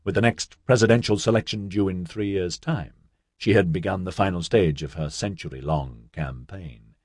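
Male audiobook narrator, low and husky, measured delivery, dry studio recording. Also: darkish tone, no room sound. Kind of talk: scripted narration.

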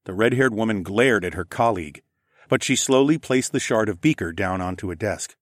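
A man narrating a first-person story in a steady, even storytelling voice. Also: lowish voice, fairly quick, no room sound, studio quality. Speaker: audiobook narrator.

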